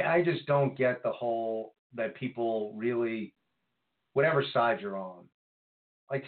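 A man co-hosting a casual podcast, talking politics in an animated, rambling way with lots of fillers and restarts. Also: on the low side. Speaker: podcast co-host. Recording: phone-like lo-fi line.

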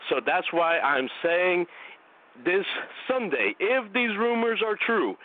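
Higher-voiced male radio host with a cold. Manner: eager, rambling, talks fans through his opinions. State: has a cold, a bit out of breath. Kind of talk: opinionated wrestling radio talk. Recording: tinny phone-like dry line.

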